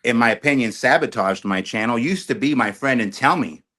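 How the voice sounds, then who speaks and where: A middle-aged man, a storage auction YouTuber, talking on a podcast as a guest in an animated, talkative way. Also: medium pitch, brisk. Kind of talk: casual podcast chat.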